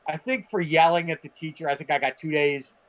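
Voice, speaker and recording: A man telling a long anecdote in casual podcast chat, animated, acting out the people he quotes and swearing freely. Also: a little high, brisk. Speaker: podcast co-host. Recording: dull lo-fi stream audio.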